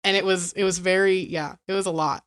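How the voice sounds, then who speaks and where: A woman's voice: fairly low pitch, steady tone, a little fast. A woman co-hosting a podcast, telling a story casually and peppering it with "like" and "right?". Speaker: podcast co-host.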